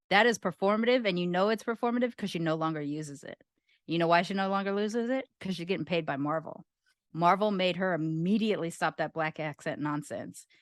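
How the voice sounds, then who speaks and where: A woman's voice: fairly low pitch, fairly bright tone, dry recording, studio quality. A woman co-hosting a casual podcast chat, emphatic and opinionated, counting off her points. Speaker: podcast co-host.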